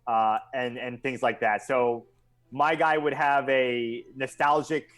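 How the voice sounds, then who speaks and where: A man's voice: mid-range voice, fairly even intonation, slow, a bit bright. A man playing a tabletop game, hesitantly thinking his ideas through aloud. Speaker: player. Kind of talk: casual tabletop play.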